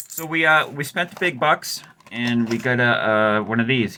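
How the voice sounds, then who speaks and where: A man with a medium-pitched, bright, forceful voice talks a little slowly with fairly even intonation, over a faint hiss or hum. He hosts a guitar repair channel and chats casually while working on a guitar, rambling in a wry, self-mocking way with plenty of fillers.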